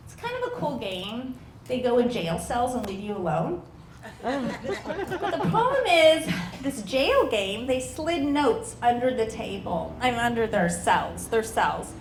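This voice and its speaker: A high-pitched woman performs stand-up, her voice leaping up and down as she acts out everyone in her stories. The sound is echoey, with faint outdoor ambience behind her. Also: takes it slowly, noisy background. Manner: animated, acts out quoted people with voice changes. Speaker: stand-up comedian. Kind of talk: stand-up comedy storytelling. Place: outdoor backyard show.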